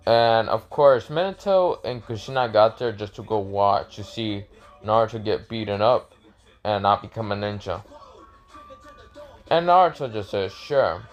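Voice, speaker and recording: A man's voice: lowish voice, expressive, normal speed, lo-fi sound, soft background music. A young man casually telling an improvised fan story, rambling and correcting himself with many fillers.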